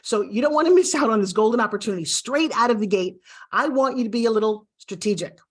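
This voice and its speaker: A woman's voice: on the high side, animated, fast talker. A middle-aged woman teaching a video course, speaking in an upbeat coaching style straight to the viewer. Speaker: course instructor.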